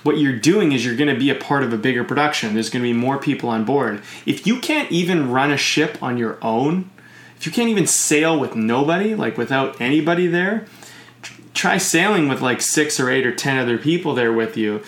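A man's voice: medium pitch, animated, brisk, fairly bright tone. Man, casual podcast chat, rambling with fillers, roomy echo. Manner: rambling, uses sailing comparisons, many fillers.

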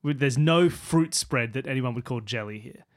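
Animated Australian podcast co-host. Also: medium pitch, moderate pace. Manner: animated, joking, mock-exasperated. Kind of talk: casual chat.

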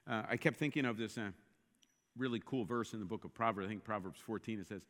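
A man preaching a sermon, animated and building to emphatic, repeated exclamations. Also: lowish voice, fast, in a large hall. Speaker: pastor.

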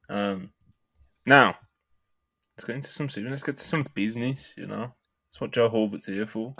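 A man's voice: medium pitch, normal speed, creaky, pauses often, sharp tone. A man co-hosting a podcast in casual chat and reading out viewer messages in a laid-back way. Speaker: podcast co-host.

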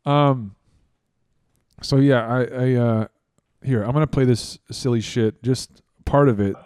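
A man hosting a podcast, telling stories in a rambling, excitable and profane way. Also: medium pitch, unhurried, smooth, no room sound, clean studio sound. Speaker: podcast host. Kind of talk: casual chat.

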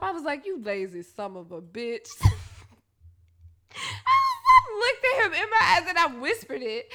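A woman tells a profane story in a high, animated voice. She talks bright and sharp and breaks into laughter between lines. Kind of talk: candid storytelling monologue.

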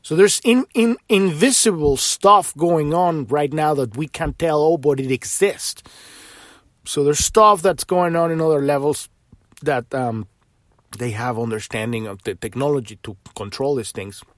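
A man's voice: a little high, moderate pace, no echo, studio quality. A man hosting a podcast, talking in a rambling, impassioned monologue full of restarts and swearing. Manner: swears freely when worked up. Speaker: podcast host.

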